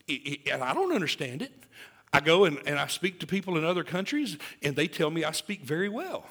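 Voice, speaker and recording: Man in his forties, pastor delivering a sermon; gravelly, slightly high voice, jokes a lot, punches key lines then drops low. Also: brisk. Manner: lively, joking, swings from loud emphasis to hushed asides.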